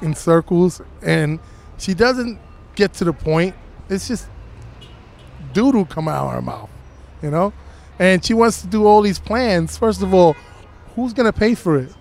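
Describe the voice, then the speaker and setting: A man's voice: high-pitched, animated, unhurried, gravelly, pauses often. A man interviewed on the street, ranting in a rambling, heated way full of "you know"s. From Latino heritage, United States. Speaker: passerby interviewee. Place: outdoors on a city street.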